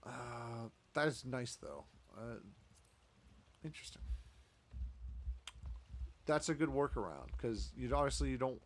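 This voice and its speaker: A man's voice: medium pitch, expressive, unhurried, pauses often, slight background noise. A man streamer giving casual, rambling gameplay commentary, talking to himself as he plays.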